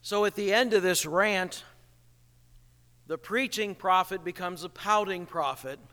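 A man preaching a sermon in an animated way, acting out the people he quotes. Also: high voice, measured pace. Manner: animated, acts out quoted voices, chuckles at the irony. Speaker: pastor. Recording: reverberant hall.

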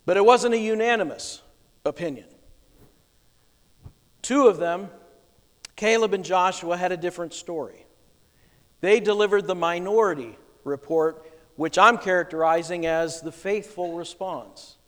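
A male pastor preaching a sermon with emphatic delivery, swinging between soft and loud. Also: sits high, a little slow, pauses often, big-room sound.

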